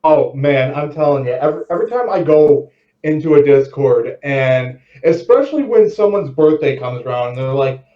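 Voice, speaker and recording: Middle-aged guy telling stories on a podcast, lively up and down voice, kinda far off in an echoey room. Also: a little high, normal speed. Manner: lively storyteller, acts out quotes. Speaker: podcast guest. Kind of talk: casual chat, storytelling. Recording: roomy, distant, dull lo-fi mic.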